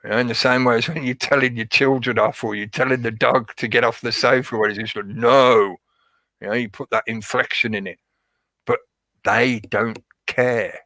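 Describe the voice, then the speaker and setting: A man's voice: medium pitch, steady tone, fairly quick, pushed and bright, dry recording, rough recording. A man giving a casual, rambling monologue as a show host. He repeats himself and stresses his points. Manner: rambling, repetitive, emphatic. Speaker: podcast host.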